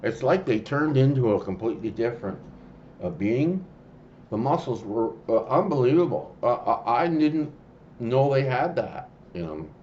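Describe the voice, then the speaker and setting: Man, casual storyteller, mid-pitched voice, halting and rambling, faint background hiss. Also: big pitch swings, a little mellow, muffled recording. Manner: rambling, halting, with many restarts and fillers.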